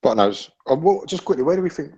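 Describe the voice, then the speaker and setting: A man's voice: fairly high pitch, big pitch swings, fast talker, darkish tone, husky. A man in a casual podcast chat about boxing, rambling with many restarts and swearing freely. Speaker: podcast panelist. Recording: dull lo-fi audio.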